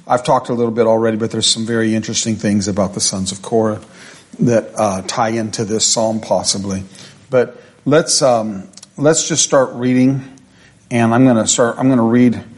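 A man leading a midweek Bible study, chatting with fillers and restarts, then reading scripture slowly and with deliberate emphasis. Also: on the low side.

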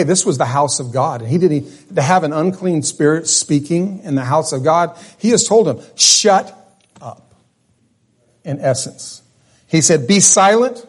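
A man's voice: on the high side, darkish tone. A man preaching a sermon in a folksy, conversational way, often restarting his sentences. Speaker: pastor.

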